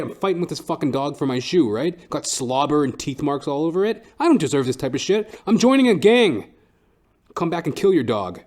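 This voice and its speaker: A man's voice: fairly high pitch, very animated, moderate pace, darkish tone. A man hosting a podcast, telling a comic story in a profane, ranting way with frequent "right?". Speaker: podcast host.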